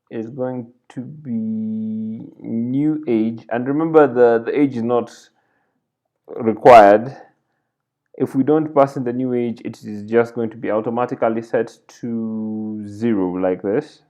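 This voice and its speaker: Male coding tutor, unhurried and thinking aloud, dull lo-fi screen recording. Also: medium pitch, steady tone. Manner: thinks aloud while typing, self-correcting. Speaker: programming tutor.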